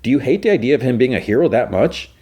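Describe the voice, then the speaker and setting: A man's voice: medium pitch, big pitch swings, fast talker, mellow, slightly rough, voice pushed up. A man voicing a rich teenage boy as he retells a cartoon scene, speaking earnestly and pleadingly. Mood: exasperated.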